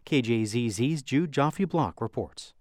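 A male radio news host who introduces stories and guests in a calm, clear way. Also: mid-range voice, measured pace, no room sound, clean studio sound. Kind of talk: news hosting.

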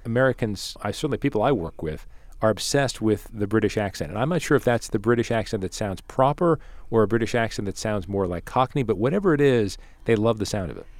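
Lower-voiced male interviewer. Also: animated, fast talker, few pauses, a little mellow, no room sound. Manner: curious, brief questions. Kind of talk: interview questions.

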